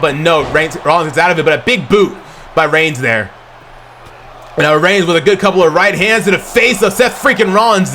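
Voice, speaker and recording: A man giving excited amateur play-by-play commentary over a video game, stumbling and correcting himself, then bursting into shouts at big moves. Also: on the high side, slight background noise. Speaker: play-by-play commentator for his own game session.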